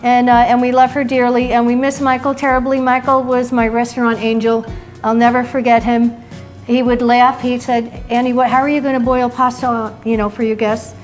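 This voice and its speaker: Brief: higher-voiced woman chef from New York, lively chatty storyteller, faint music behind. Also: brisk. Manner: chatty, animated storyteller acting out quotes. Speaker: chef and cooking show host. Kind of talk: casual storytelling chat. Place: client's home kitchen.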